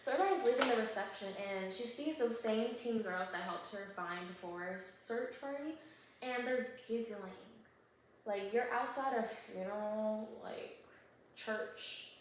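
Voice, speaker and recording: A woman on her own channel retells a thriller plot, doing the characters' lines in animated voices and checking in with the viewer after every turn. Her voice sits a little high and bounces off the hard walls of a very echoey kitchen, with a faint hiss underneath. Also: a little slow. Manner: animated storyteller who acts out characters. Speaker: book vlogger. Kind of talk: casual book recap. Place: home kitchen while baking. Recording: very echoey room.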